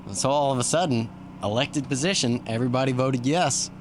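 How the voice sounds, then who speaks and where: A man's voice: mid-range voice, brisk, slight background noise. A man from Texas, a podcast guest, telling stories in a laid-back way and laughing often. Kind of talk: casual podcast interview.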